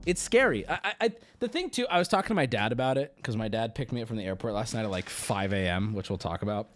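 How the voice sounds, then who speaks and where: A young man hosting a livestream, rambling through stories in a casual, profane way. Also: medium pitch. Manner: rambling, profane, animated storytelling. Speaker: streamer host.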